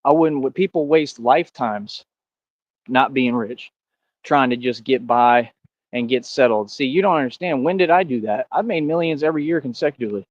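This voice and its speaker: A man's voice: medium pitch, moderate pace, dry recording, dull audio. Boastful man ranting at his chat. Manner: boastful, confrontational, says bro a lot. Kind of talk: livestream rant to chat.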